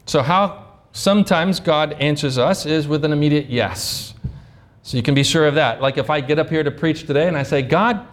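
High-voiced male pastor preaching. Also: moderate pace. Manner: rhetorical questions, acts out prayers. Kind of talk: sermon.

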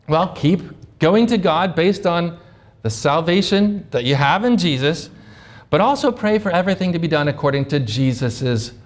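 A pastor preaching a sermon, asking rhetorical questions and acting out sample prayers. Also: male voice, fairly high pitch.

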